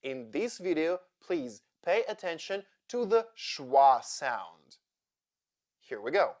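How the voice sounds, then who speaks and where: A woman teaching English pronunciation in a slow, scripted lesson, drilling each vowel sound with repetition. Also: sits low, big pitch swings, a little mellow.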